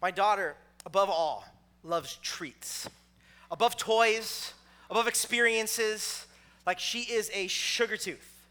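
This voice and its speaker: A man's voice: high voice, slow pace, bright, forceful tone, clear, resonant tone. A man in his thirties, a pastor preaching a sermon in a loose, conversational storytelling way with lots of filler words.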